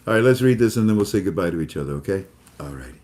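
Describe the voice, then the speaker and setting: A man hosts a casual commentary in a somewhat low voice. He rambles, repeats himself and fills pauses with frequent "uh"s. His talk sounds loose and unscripted. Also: lively intonation, a little mellow. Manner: rambling, repetitive, many fillers. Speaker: host.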